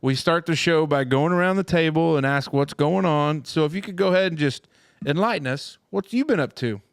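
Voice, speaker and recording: Podcast host, male, clear voice, dry booth sound, jokey and animated. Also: a little high, fairly quick, no room sound. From Indiana. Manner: loud, joking, animated. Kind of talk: casual chat. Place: small lounge room.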